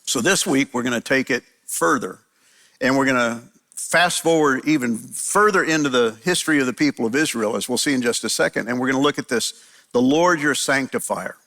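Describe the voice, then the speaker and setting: A man's voice: medium pitch, brisk, a bit bright. A man preaching a conversational sermon, often restarting his phrases. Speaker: pastor.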